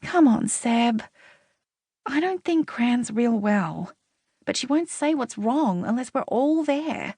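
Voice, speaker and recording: A woman's voice: fairly high pitch, expressive, slow pace, mellow, breathy edge, dry recording, clean studio sound, pitched above the performer's own voice, full character voice. A woman voicing a firm, coaxing female cousin who scolds affectionately, in an audiobook reading. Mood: scolding.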